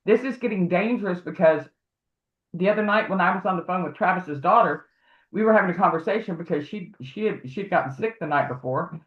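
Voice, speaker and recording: A woman's voice: fairly low pitch, fairly quick. A woman speaks as a guest on a casual livestream. She rambles through her story and acts out the voices of the people she quotes. Her audio is narrow and phone-like, with a hollow echo around it. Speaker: guest, advocate for harassment victims. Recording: tinny phone-like echoey audio.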